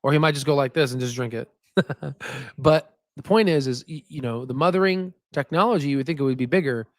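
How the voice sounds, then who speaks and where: A man with a medium-pitched voice talks a little fast in a clean studio recording with no room sound. Hosting a stock market livestream, he rambles casually through viewer comments, often tacking "right?" onto his points as a filler.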